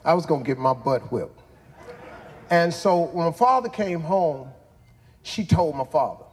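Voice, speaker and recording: A man's voice: fairly high pitch, lively intonation, normal speed, breathy edge, in a large hall. A man in his sixties hosting a show, telling a childhood story in a folksy, drawling way that builds to punchlines. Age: 60s. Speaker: host. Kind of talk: motivational storytelling.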